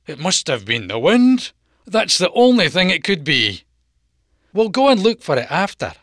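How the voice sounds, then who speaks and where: Brief: storyteller playing a hearty, easily amazed storybook farmer, hollering and lively. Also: medium pitch, moderate pace, no room sound, studio quality, voice pushed up. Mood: reassuring. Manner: calling out, stammering in surprise. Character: bewildered, good-humoured old farmer. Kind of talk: storybook reading.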